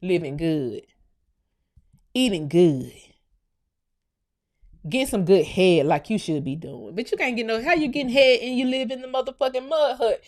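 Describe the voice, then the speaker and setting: A woman from the United States hosting her own channel, delivering a profane, heated commentary rant that swings from low muttering to shouting. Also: normal speed, pauses often. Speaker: channel host. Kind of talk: ranting commentary vlog.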